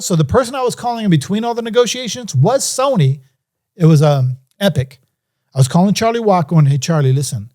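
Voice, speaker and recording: A man's voice: sits high, a little mellow. A middle-aged man and music producer telling a story in an interview, acting out phone calls in different voices.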